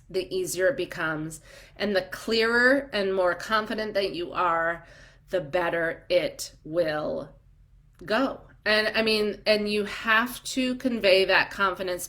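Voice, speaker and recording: Slow, chatty woman coaching on a livestream. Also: mid-range voice, a bit bright. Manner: chatty and upbeat, reading out viewer comments; encouraging, with frequent ums and trailing asides. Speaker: business coach for doulas. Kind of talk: live-streamed coaching chat.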